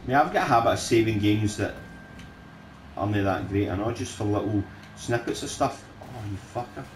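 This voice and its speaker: A man swearing and shouting at opponents while playing a game with a friend. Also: on the low side, brisk. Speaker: gamer recording his play. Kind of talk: casual gaming chat with a friend. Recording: roomy sound with faint noise.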